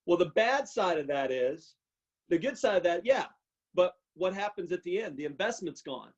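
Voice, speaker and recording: A man giving an emotional personal testimony on a video call, halting and repeating himself as he chokes up. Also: sits high, lively intonation. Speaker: testimony speaker. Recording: muffled video call audio.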